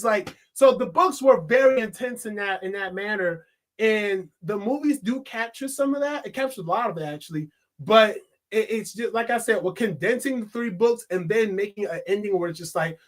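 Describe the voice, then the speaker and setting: A man reviewing a movie in a casual, excitable vlog, swearing and laughing often. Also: high-pitched, moderate pace.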